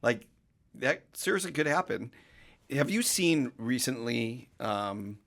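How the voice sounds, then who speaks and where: A man with a gravelly, fry-edged voice, talking on a casual podcast. He speaks at a mid pitch and explains his views emphatically, in long, winding stretches of talk. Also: lively intonation, slow, a bit bright. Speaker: mortgage professional guest.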